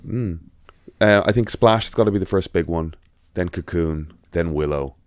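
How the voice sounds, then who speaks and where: A man's voice: deep voice, normal speed, dry recording, studio quality. An Irish man co-hosting a podcast in casual chat, rambling and swearing freely with lots of restarts. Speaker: podcast co-host.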